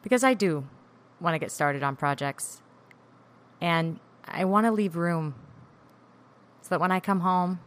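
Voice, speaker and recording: Candid woman podcaster, bright voice. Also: low voice, clean tone. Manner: candid, introspective, working through feelings aloud. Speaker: podcast host. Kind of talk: solo podcast monologue.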